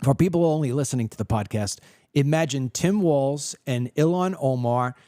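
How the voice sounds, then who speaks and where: A man hosting a political podcast, giving opinionated commentary and acting out quoted people in an animated storytelling way. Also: medium pitch, moderate pace, no echo, studio quality.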